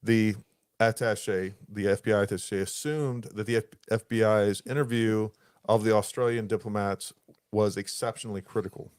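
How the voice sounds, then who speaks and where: A man's voice: lowish voice, steady tone, moderate pace, a little mellow, clear, resonant tone, no echo, studio quality. A man hosting a podcast, reading passages from a report aloud and stopping to explain them in plain words. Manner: reads in long stretches, breaks off to explain in plain words. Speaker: podcast host.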